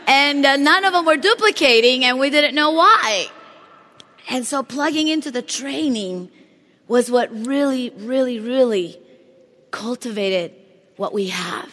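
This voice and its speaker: A woman giving an energetic motivational speech on stage, talking straight to the audience and asking them questions. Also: high-pitched, a little slow. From Latin America. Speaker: motivational speaker at a company event. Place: large hall on stage. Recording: long hall reverb.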